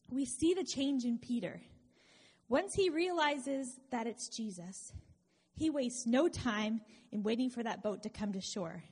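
A woman's voice: fairly high pitch, darkish tone, husky, in a large hall. A woman delivering a sermon in an earnest, conversational way, with wry asides to her listeners. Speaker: preacher.

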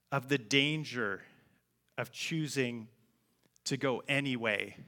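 A man's voice: mid-range voice, sharp tone. A man preaching a sermon, telling a personal story in an earnest, heartfelt way. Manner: earnest, heartfelt, slow and deliberate.

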